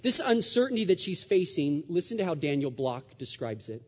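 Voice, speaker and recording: Warm-voiced man preaching in a reverberant hall. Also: fairly high pitch, very animated, a little fast. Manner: emphatic preaching with rhetorical questions and repetition. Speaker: pastor. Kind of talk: sermon. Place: church sanctuary. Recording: dull sound with long hall reverb.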